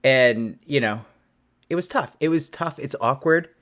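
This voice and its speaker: A man's voice: mid-range voice, unhurried, fairly bright tone. A man, a lawyer, telling a story to camera in a rambling, self-deprecating way with many restarts.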